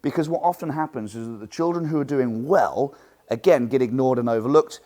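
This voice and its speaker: A man teaching a coaching seminar for martial arts instructors, lively and animated, acting out what he says to students. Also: medium pitch, a little fast. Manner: lively, animated, acts out quotes.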